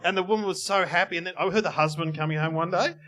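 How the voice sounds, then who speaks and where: A man co-hosting a live comedy podcast, animated and laughing often between jokey asides. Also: sits high, rapid-fire. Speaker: podcast co-host. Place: live venue with audience.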